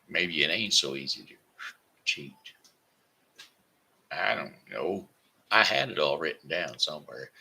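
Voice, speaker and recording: A man's voice: deep voice, lively intonation, a little slow, gravelly, pauses often, pushed and bright, husky. A man hosting his own daily live show, chatting in a folksy, rambling way with friendly asides to his viewers. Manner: breaks into a homespun goodbye song. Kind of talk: casual live-stream chat.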